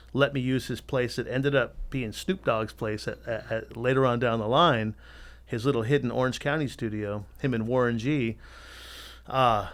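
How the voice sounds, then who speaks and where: A middle-aged man, a tattoo artist guesting on a podcast, telling his story in a candid, animated way and swearing freely. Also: mid-range voice, clean tone. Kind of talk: casual storytelling interview.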